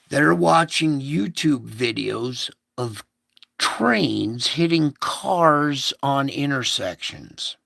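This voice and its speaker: A man's voice: medium pitch, creaky, fairly bright tone, no echo. A man recounting a recurring dream in a rambling, repetitive casual monologue, stopping now and then to fiddle with his equipment.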